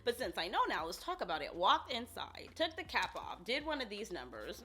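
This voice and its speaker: A woman's voice: medium pitch, very animated, fairly quick, hardly any pauses, pushed and bright. A woman reviewing fragrances in a casual vlog, gushing and talking straight to her viewers.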